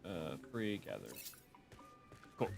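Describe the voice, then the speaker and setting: A man's voice: deep voice, big pitch swings, takes it slowly, gravelly, soft background music. A man streaming a game, chatting with viewers in a rambling way with many restarts. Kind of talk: casual game stream commentary.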